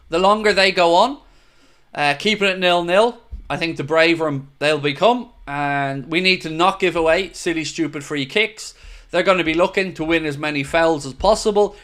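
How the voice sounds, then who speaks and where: On his football fan livestream, a man chats casually and goes through viewer comments, replying in an earnest, opinionated manner and addressing viewers directly as "mate". He has a fairly high voice, a bit bright, with a clean tone.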